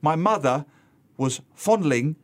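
A man with a slightly raised voice tells comic stories as a regular radio guest. His delivery is lively and humorous, with lots of expressive swings. He is the show's columnist contributor, chatting with the host. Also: on the high side, slow. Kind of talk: radio show conversation.

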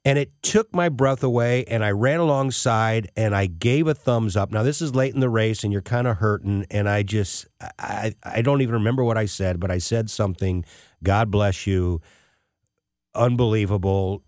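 A man's voice: lowish voice, normal speed, darkish tone, no room sound, clean studio sound. A middle-aged man hosting a show, telling a personal story in an emotional, tearful way. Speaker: host.

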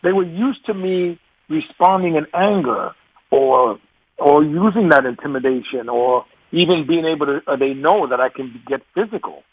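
A man in his forties with a New York accent, a radio guest talking in a casual, animated way, laughing often and repeating words as he restarts. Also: on the high side, moderate pace, breathy edge, dry recording. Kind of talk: casual interview talk. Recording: dull, muffled radio sound, dry.

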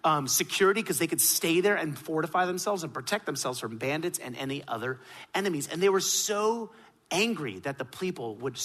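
A man preaching a sermon emphatically, rising to loud peaks and dropping to hushed lines. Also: fairly high pitch.

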